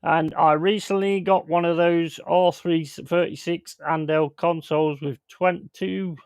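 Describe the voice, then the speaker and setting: A man's voice: a little high, steady tone, unhurried, darkish tone, clean tone, no room sound. Male streamer, blunt and sweary, casual rant, dry close sound. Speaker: streamer host. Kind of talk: casual livestream chat. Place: home.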